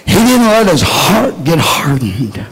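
A man preaching to a congregation, shouting with passion at times and dropping to soft prayer at others. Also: on the high side, big pitch swings, takes it slowly, breathy edge, rough recording. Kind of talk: sermon. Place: church with a congregation.

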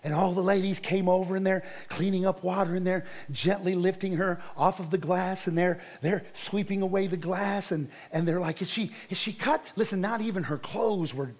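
High-pitched male preacher, fervent testimony-style sermon, repeats himself for emphasis. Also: steady tone, normal speed, few pauses, a little mellow. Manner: fervent, repeats words when building a point.

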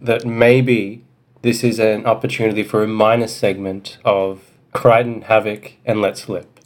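A man with a lowish voice trading dry, self-deprecating jokes in casual podcast banter. His delivery is relaxed and understated. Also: measured pace. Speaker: podcast co-host.

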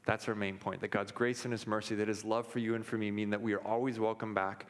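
Male pastor, thirties, lowish voice, candid storytelling sermon, long hall reverb. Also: level tone, fast. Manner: candid, personal storytelling with frequent restarts and fillers.

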